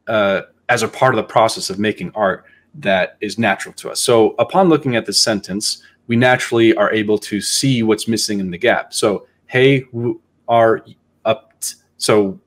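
Guy hosting a chill podcast, lowish voice, thinking out loud, kinda halting. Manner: reflective, halting, thinks aloud. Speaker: podcast host. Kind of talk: casual podcast talk.

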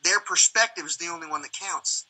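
Animated, profane high-voiced man. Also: fairly quick, poor audio. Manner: profane, animated, acts out quoted exchanges. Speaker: livestream host. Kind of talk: casual rambling chat.

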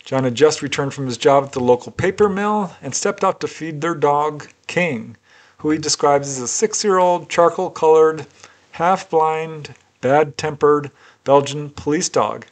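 Man narrating in a raised voice. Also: on the high side. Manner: measured, deliberate retelling. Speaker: UFO researcher and narrator. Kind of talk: narrated case storytelling.

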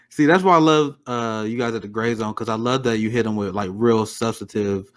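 A man's voice: lowish voice, normal speed, fairly bright tone. A man hosting a political podcast, speaking in an impassioned way with many fillers. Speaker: podcast host. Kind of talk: political commentary chat.

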